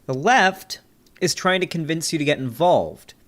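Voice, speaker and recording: A man's voice: a little high, lively intonation, unhurried, fairly bright tone. A man streaming a review of a debate, talking in casual, joking commentary full of fillers and swearing, at a desk mic. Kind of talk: casual profane reaction commentary.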